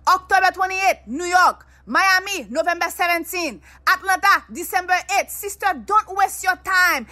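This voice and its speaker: A woman podcast host reading an energetic, emphatic tour promo. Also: very high-pitched, normal speed. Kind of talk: promo read.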